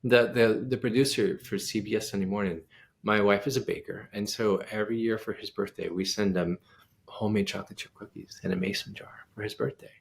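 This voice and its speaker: Gravelly-voiced man telling an animated story. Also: fairly low pitch, brisk. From United States. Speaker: guest pianist and composer. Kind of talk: storytelling in a casual interview.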